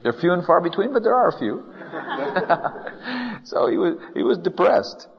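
A man's voice: sits high, big pitch swings, moderate pace, gravelly. A man preaching a conversational sermon to a congregation, acting out complaints in the first person and chuckling often. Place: church hall with a congregation. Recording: dull lo-fi sound with long hall reverb.

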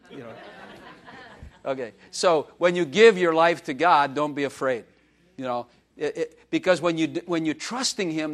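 A man preaching a sermon to a congregation in a church. He swings between loud emphasis and hushed asides, acts out quoted prayers and slips in humor. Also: a little high, normal speed. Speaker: pastor.

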